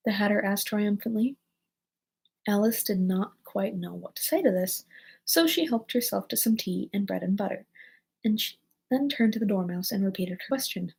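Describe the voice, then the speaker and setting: Woman reading a storybook aloud, gravelly husky voice, casual. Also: medium pitch, moderate pace, darkish tone, low-quality recording. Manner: casual reading, slips and corrects lines. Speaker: reader.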